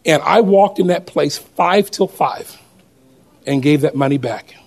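A man telling a personal testimony story to a congregation in an animated way, often laughing as he goes. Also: on the high side, unhurried, gravelly, husky.

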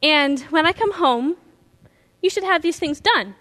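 Bossy new husband read out in a story by a woman preacher, high voice, plain quoting. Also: expressive, measured pace, fairly bright tone, long reverb tail. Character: demanding young husband, bossy then praising.

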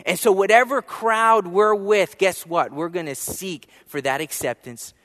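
High-voiced man preaching in a reverberant hall. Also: measured pace. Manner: storytelling, swings between soft asides and emphatic rises. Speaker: pastor. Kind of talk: sermon.

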